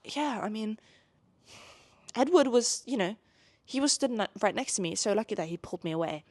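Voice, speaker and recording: A woman's voice: mid-range voice, lively intonation, normal speed, no room sound, pitched above the performer's own voice, close to an everyday voice. A woman voicing an exasperated, scheming teenage girl who swears and grumbles indignantly, at times under her breath.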